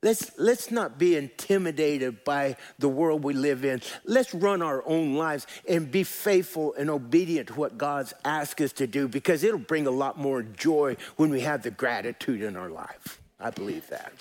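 A man pastor preaching a sermon, folksy and animated, calling out to his congregation and swinging between soft and loud. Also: fairly high pitch, normal speed, few pauses.

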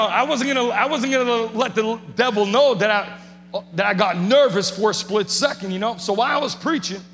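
A man preaching a sermon in a high, ringing voice that bursts into passionate shouting. His voice carries a long reverb, and a faint hum sits underneath. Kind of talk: sermon testimony.

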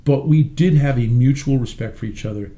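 A man's voice: mid-range voice, brisk, dark tone. A man being interviewed as a musician, talking in a brash, rambling, profane way. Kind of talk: casual interview chat.

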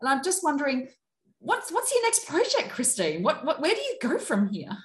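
A woman's voice: high voice, huge pitch swings, normal speed. A woman hosting a podcast interview, friendly and appreciative, laughing easily with her guest. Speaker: podcast host. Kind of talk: casual interview. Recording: roomy echo.

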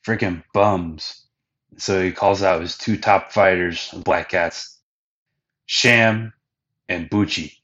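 A man hosts a casual anime recap in a loose, slangy way, full of "like" and offhand swearing. His voice is low and the recording is dull and lo-fi. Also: fairly even intonation, takes it slowly, pushed and bright. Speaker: podcast host recapping anime.

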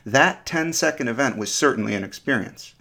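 A man's voice: medium pitch, expressive, fairly quick, gravelly, bright, forceful tone. A man hosting a podcast, giving a scripted, reflective explanation that often turns to ask the listener questions. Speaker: podcast host.

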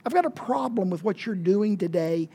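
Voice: medium pitch, animated, moderate pace, warm tone. A preacher voicing an aggrieved synagogue leader. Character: indignant male synagogue leader airing a complaint.

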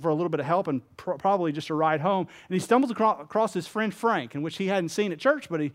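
A man's voice: sits high, quick pace. A man preaching a sermon as pastor, earnest and emphatic, telling stories with voiced characters.

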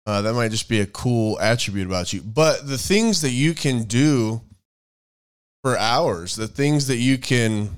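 A man co-hosting a casual faith-based chat, rambling and thinking out loud as he searches for words. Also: medium pitch, lively intonation, unhurried, clear, resonant tone. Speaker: podcast co-host.

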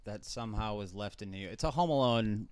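A man's voice: lowish voice, a little fast, clean tone, dry recording. A man co-hosting a casual podcast chat, joking around and laughing often. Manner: animated, jokey, laughs often. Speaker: podcast co-host.

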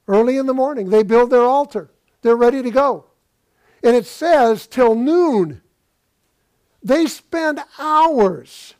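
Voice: mid-range voice, animated, takes it slowly, creaky, a little mellow. A pastor preaching a sermon, retelling a scripture story and asking the listeners rhetorical questions.

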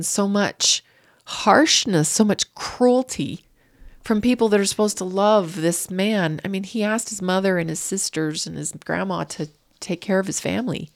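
A woman guest telling a painful personal story in an interview, raw and grieving, her voice surging up when upset. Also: medium pitch. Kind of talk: emotional interview.

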